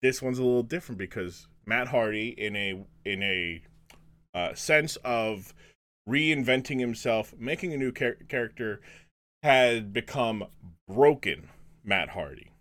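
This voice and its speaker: A man's voice: medium pitch, animated, fairly bright tone. A man hosting a podcast in casual chat, rambling with frequent restarts and fillers. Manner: halting, with many restarts and fillers. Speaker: podcast host.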